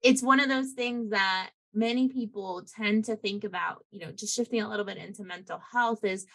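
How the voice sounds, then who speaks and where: A woman's voice: medium pitch, moderate pace, a bit bright. A woman podcast co-host chatting casually and earnestly, circling her points with many fillers. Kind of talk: casual conversational chat.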